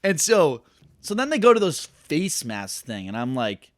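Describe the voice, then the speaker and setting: A man's voice: on the high side, wildly swooping pitch, a little slow, no room sound, clean studio sound. A young man co-hosting a podcast, telling a self-deprecating story in a rambling way full of "like". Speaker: podcast co-host. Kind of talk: casual storytelling chat.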